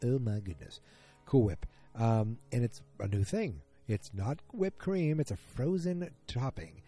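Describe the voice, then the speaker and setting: A man's voice: medium pitch, animated, a little slow, mellow, soft background music. A man hosting a casual solo podcast, retelling events in a rambling, self-correcting way. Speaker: podcast host.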